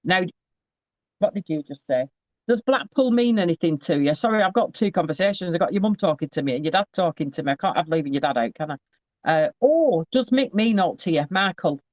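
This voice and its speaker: Chatty man, fairly high voice. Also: expressive, no room sound. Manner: chatty, halting, restarting phrases. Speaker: psychic medium. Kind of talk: live spirit reading to a sitter. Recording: slightly dull, dry recording.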